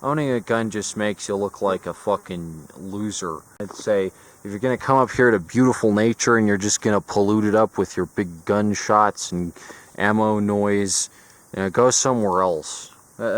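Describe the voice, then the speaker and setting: Young man, low voice, rambling, sarcastic, swearing, outdoor forest vlog, camera mic. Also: moderate pace. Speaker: vlogger. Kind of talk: casual vlog monologue.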